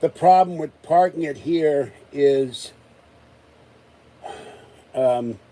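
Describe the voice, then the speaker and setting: A man's voice: fairly high pitch, drawn-out words, dark tone, rough recording. A man ranting in a rambling, exasperated way during a casual live-stream chat, still recovering from an illness. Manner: exasperated, rambling rant with many restarts. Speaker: vlogger.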